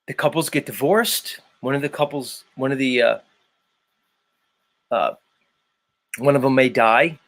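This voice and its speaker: A man's voice: medium pitch, measured pace, pauses often, a bit bright. Profane ranting male host. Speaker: livestream host. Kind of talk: profane rant.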